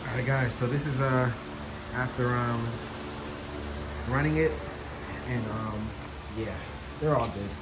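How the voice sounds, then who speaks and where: A man's voice: medium pitch, fairly even intonation, measured pace, pauses often. A man casually talking through a motorcycle repair for his vlog, rambling and easygoing with lots of fillers. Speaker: motorcycle vlogger. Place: working on a motorcycle. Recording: noisy background ambience.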